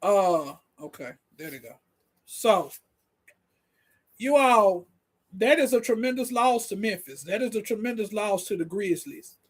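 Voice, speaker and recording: A man hosting a casual commentary stream, excitable and laughing, who stumbles, repeats words and keeps talking straight to his audience. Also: high-pitched, measured pace, slightly rough. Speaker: host.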